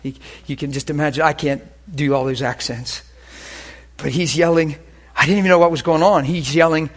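A man preaching and telling healing stories, swinging between hushed and loud. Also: high-pitched, a little fast. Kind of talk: sermon with healing testimony.

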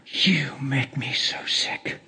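A man's voice: extremely high pitch, very animated, slow, a little mellow, voice pushed up, heavily acted. Bitter scornful wife, as a man quotes her. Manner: contemptuous and cutting.

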